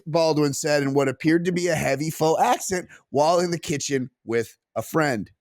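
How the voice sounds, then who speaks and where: A man co-hosting a crude comedy sports podcast, animated and breaking into silly voices. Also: a little high, normal speed, hardly any pauses, no echo, clean studio sound. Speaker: podcast co-host.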